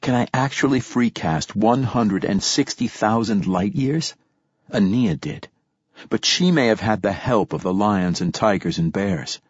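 A man narrates an audiobook in the first person, with a steady, reflective reading. His voice is low and husky. The recording is dull and very dry. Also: unhurried, dry recording.

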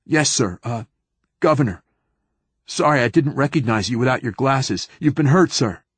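A man's voice: medium pitch, animated, normal speed, husky, no room sound, pitched above the performer's own voice. A man voicing a young male Marine lieutenant who stammers and hesitates under pressure. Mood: flustered.

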